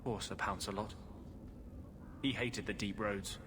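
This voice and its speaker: A man's voice: fairly low pitch, fairly even intonation, unhurried, lightly acted. An actor playing a weary male healer mage in a game, earnest and wry. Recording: game audio with background noise.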